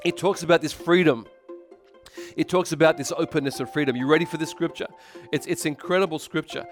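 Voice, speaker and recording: Australian man, pastor, sermon, slightly raised pitch, chatty, faint music underneath. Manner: conversational, energetic, frequent restarts.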